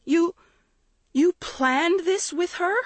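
A woman voicing a frightened teenage girl in an audiobook, crying out high and pleading. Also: a little slow, slightly rough, dry recording. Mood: terrified. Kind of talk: audiobook character reading.

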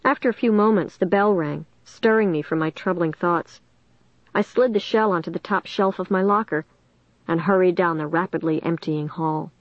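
A woman reading a first-person audiobook in a steady, measured way. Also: fairly low pitch, no echo, highs cut off. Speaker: audiobook narrator.

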